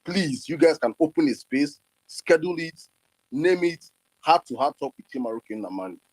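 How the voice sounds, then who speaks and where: Brief: man, husky, dry and close, angry and repetitive. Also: a little high, lively intonation, normal speed, dry recording, rough recording. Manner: angry, insistent, repeats himself. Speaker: participant.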